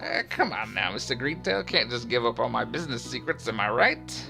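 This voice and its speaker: Chummy game peddler, folksy patter, gravelly edge, man voicing. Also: mid-range voice, very animated, brisk, over music. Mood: wheedling. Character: chummy fast-talking male peddler.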